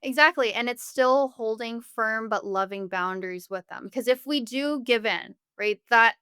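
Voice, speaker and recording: A woman's voice: on the high side, normal speed, sharp tone, smooth, no echo, studio quality. A woman speaking as a family therapist guest on a podcast interview, explaining earnestly with everyday examples.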